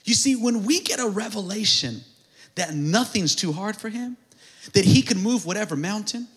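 A man preaching a sermon, calling on the congregation to answer back and building up to shouted, fervent peaks. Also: sits high, expressive, normal speed. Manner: call-and-response preaching, builds to shouted climaxes; acts out prayers in a mumbled comic voice. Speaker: pastor.

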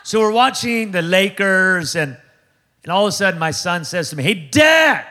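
Pastor guy with a high voice, preaching hard, jokey, keeps going come on somebody. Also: moderate pace, sharp tone. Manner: punchy, joking, call-and-response preaching with repetition. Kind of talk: energetic sermon.

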